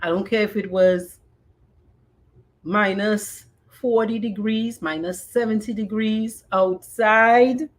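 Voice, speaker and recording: Slow-speaking woman podcast host. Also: medium pitch. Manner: slow, expressive, drops in Creole phrases. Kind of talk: reading a personal memoir, then casual chat.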